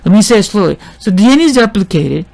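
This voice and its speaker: A man's voice: sits high, big pitch swings, vocal fry, darkish tone. A man teaching biology in a casual lecture, often restarting sentences, asking himself questions and checking in with his listeners. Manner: halting, with many restarts and rhetorical questions; checks in with "see?" and "right?". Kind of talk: informal classroom lecture.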